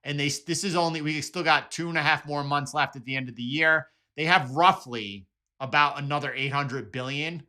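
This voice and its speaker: A man's voice: fairly high pitch, moderate pace, pushed and bright. A man hosting casual market commentary, talking conversationally with many restarts and repeated words. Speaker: market analysis host.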